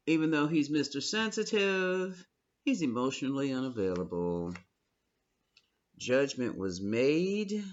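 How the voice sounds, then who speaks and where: A man's voice: mid-range voice, muffled recording. A man giving a tarot reading, effusive and affectionate, calling the listener honey and my love. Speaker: tarot reader.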